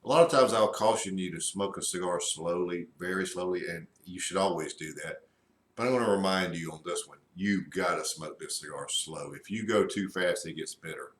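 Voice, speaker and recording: Deep-voiced guy doing a cigar review, slow and halting, lots of ums, echoey room. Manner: slow, halting, with many fillers. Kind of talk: casual review.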